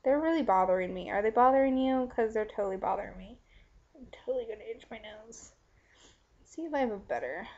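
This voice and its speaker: A chatty young woman with a slightly high voice, talking frankly to a friend on camera between giggles and fillers. Her voice comes through dull, lo-fi webcam audio. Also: fast, a little mellow. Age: young adult. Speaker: vlogger. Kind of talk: casual video letter to a friend.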